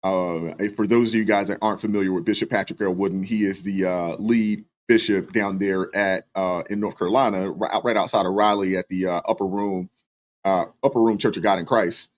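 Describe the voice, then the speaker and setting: A man hosting a live stream, reading viewer super chats and talking through them in a relaxed way, with lots of fillers. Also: low voice, a little fast. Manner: relaxed, many fillers, thanks viewers by name. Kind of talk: casual live stream commentary.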